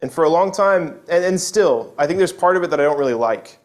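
A man's voice: a little high, expressive, a little fast. Earnest male preacher, conversational sermon. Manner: earnest, conversational, frequent restarts and tag questions.

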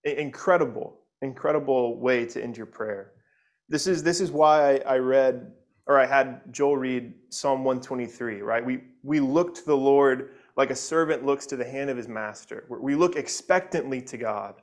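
A man's voice: medium pitch, moderate pace. A man preaching an expository sermon, earnest, often repeating words and checking in with "right?", and reading scripture aloud with feeling. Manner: reads scripture aloud expressively. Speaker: pastor.

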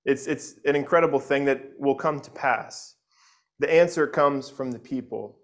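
Delivering an expository sermon at a moderate pace, this pastor has a mid-range voice and an earnest manner. Scripture comes out expressive when he reads it aloud, and he tends to repeat words and ask "right?" to check in.

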